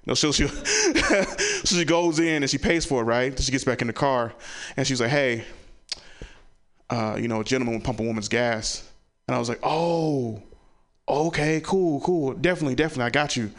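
A man's voice: medium pitch, expressive, moderate pace. A man doing a stand-up comedy set on a club stage, telling stories and asking the crowd "right?" as he goes. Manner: storytelling with lots of "right?" asides; acts out family members loudly.

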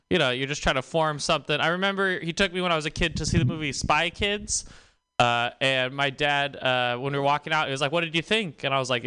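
A male stand-up comic who talks in a hesitant, halting way and keeps restarting his lines. His voice is bright, somewhat high and very clear. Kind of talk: stand-up comedy.

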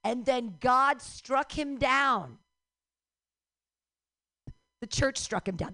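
A middle-aged woman doing a stand-up comedy set, ranting profanely and breaking into shouts. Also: sits high, lively intonation, extremely slow, long pauses.

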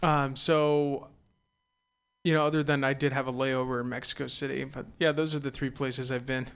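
Young male radio host, smooth resonant voice, loose rambling delivery with fillers. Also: mid-range voice, little pitch movement, normal speed, a bit bright. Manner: rambling, hesitant, with many fillers. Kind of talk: casual radio chat.

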